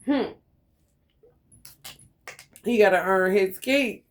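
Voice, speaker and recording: Profane, animated woman tarot reader. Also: medium pitch, drawn-out words. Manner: animated, profane, frequent laughter, talks to viewers directly. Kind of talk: casual profane tarot reading monologue.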